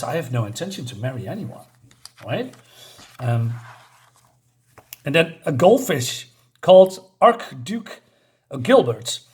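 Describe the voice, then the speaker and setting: A man chats through a comic book review, stopping often to search for the next word. His voice sits a little higher than most men's, and the talk stays loose and unscripted. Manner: rambling, with many fillers and chuckles while retelling the plot.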